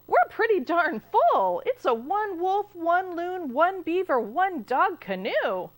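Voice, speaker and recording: A woman's voice: extremely high pitch, sing-song, slow pace, pitched above the performer's own voice, full character voice. A woman doing a fed-up storybook paddler counting passengers. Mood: exasperated. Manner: counting off each animal in a sing-song list. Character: firm young canoe paddler, patient but fed up.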